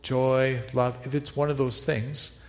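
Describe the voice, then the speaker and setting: A male pastor delivers a reflective sermon, pausing to lead the congregation in repeated prayer. His voice sits at an ordinary pitch for a man. It carries a long reverb, as if recorded in a large hall. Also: level tone.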